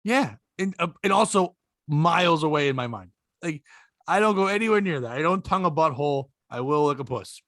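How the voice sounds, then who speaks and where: A man with a high voice hosts a crude comedy podcast, firing off profane, animated asides. His voice sits close and dry on the mic, with no room sound around it. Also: brisk, no echo. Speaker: podcast host.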